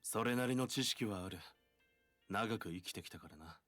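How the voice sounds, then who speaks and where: A man voicing a composed, long-lived male vampire doctor in a brisk, matter-of-fact way in a visual novel. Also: lowish voice, fairly bright tone, soft background music, natural voice. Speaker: game voice actor.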